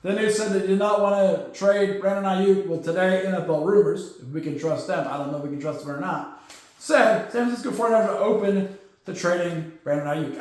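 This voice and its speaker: Male sports host, blunt and sarcastic, high voice, recorded in a very echoey room. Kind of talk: casual football news commentary.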